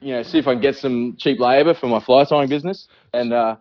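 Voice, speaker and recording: A man's voice: medium pitch, fast, no room sound. Aussie guy calling into a podcast, cracks jokes, swears a lot, bit muffled line, dry sound. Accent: Australian. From Australia. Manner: joking, swearing, laughs often. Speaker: podcast guest. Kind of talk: casual call-in chat.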